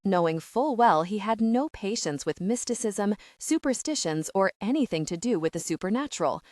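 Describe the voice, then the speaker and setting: A woman narrating a historical romance audiobook in an even, measured reading. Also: medium pitch, no room sound, clean studio sound. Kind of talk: scripted narration.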